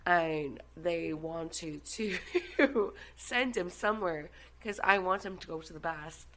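A woman's voice: lowish voice, takes it slowly, slight background noise, rough recording. An Irish woman telling a personal story in a casual chat, with lots of swearing and laughter. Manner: animated, swearing, laughing often. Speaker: guest.

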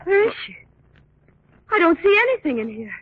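An actress playing a polite, hesitant young heiress in a 1940s radio drama. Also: female voice, extremely high pitch, very animated, moderate pace. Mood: alarmed. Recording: dry lo-fi 1940s radio broadcast.

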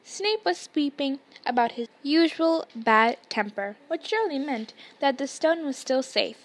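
A woman reading a novel aloud in a lively, expressive storytelling manner. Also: high-pitched, a little slow.

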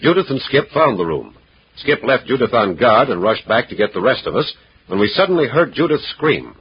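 A man narrating and playing a brisk, commanding captain in 1940s radio drama, on a dull reverberant old recording. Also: mid-range voice, big pitch swings.

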